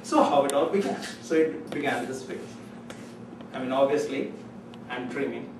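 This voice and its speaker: A man telling a humorous story in a club speech, acting out other people's voices with sudden high, loud lines. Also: animated, moderate pace. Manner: storytelling, acts out voices with rising pitch. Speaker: club speaker. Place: meeting room. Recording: echoey room from far off, faint noise.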